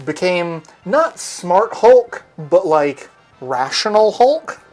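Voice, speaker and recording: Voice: mid-range voice, very animated, slow pace, darkish tone, faint music behind. A livestream host in casual chat, retelling comic book plots in a loose, rambling way with plenty of swearing. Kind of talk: casual chat while streaming a game.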